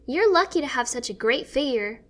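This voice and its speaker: A woman's voice: sits high, expressive, moderate pace, pitched above the performer's own voice. A woman voicing a cheerful, caring teenage girl who fusses over her sibling in a read-aloud story. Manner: bright, eager, fussing. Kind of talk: storybook reading.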